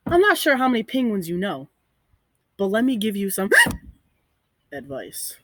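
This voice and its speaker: Hiccuping young penguin boy, fretful, gasps between words , voiced by a woman; slow, breathy. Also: mid-range voice, very animated, dry recording. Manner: gasping hiccups mid-sentence. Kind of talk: read-aloud story voice for children.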